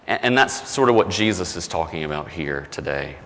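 A man's voice: low-pitched, expressive, normal speed, fairly bright tone, big-room sound. A male pastor delivering a sermon in a conversational, self-deprecating storytelling way, with frequent restarts.

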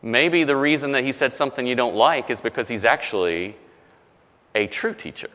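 A man preaching a conversational sermon as pastor, often dropping low and soft to stress a point. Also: normal speed, big-room sound.

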